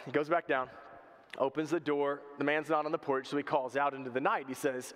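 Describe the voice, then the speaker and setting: A man's voice: fairly high pitch, fairly even intonation, fairly quick. A man preaching a sermon, telling stories with humor and animation. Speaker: pastor. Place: church sanctuary. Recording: reverberant church hall.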